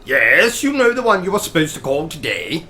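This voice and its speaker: A man's voice: on the high side, big pitch swings, moderate pace, sharp tone, soft background music. A British man hosting comedic gaming commentary, pompous and theatrical, full of exclamations. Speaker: gaming channel host. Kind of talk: comedic let's-play commentary with skits.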